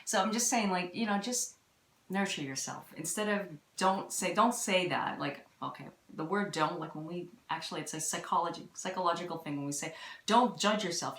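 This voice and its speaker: A woman hosting a live stream, talking gently and rambling about spirituality, with many restarts. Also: lowish voice. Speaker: intuitive reader and live-stream host. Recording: roomy echo.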